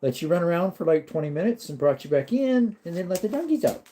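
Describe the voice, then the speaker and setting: A man's voice: a little high, big pitch swings, quick pace, dark tone. A man hosting a casual livestream, reading out viewers' chat and talking to his dog in between. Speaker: livestream host.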